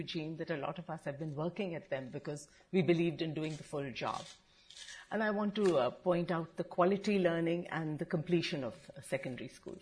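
Low-voiced woman panelist. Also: slight background noise. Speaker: panel speaker. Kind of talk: conference panel talk.

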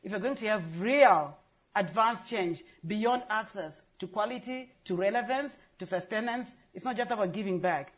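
A woman speaking on a conference panel for a girls' education charity, earnest and emphatic, repeating her key phrases. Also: mid-range voice.

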